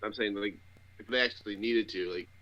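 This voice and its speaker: A man's voice: lowish voice, a little fast, sharp tone, lo-fi sound. A man on a casual podcast, rambling and complaining in profane, loose talk. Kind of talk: casual chat.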